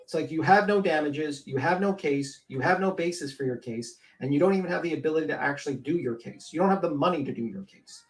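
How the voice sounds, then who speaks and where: A man's voice: on the high side, quick pace, hardly any pauses. A man hosting a commentary show, ranting bluntly and scornfully with heavy swearing. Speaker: commentary channel host.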